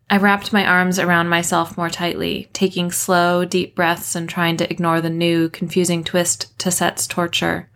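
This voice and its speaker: A woman author reading her own novel aloud in a measured first-person narration. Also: lowish voice, little pitch movement, a bit bright. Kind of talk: audiobook narration.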